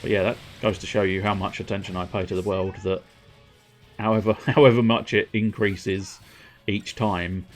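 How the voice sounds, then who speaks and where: A man's voice: on the low side, steady tone, moderate pace, soft background music. A man streaming a game, rambling through self-mocking, sweary commentary at his desk mic. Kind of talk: casual gameplay commentary.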